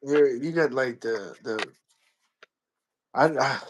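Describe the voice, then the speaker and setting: A man's voice: mid-range voice, animated, slow, background noise. A man hosting a casual chat, rambling, slangy, and repeating himself. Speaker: podcast host.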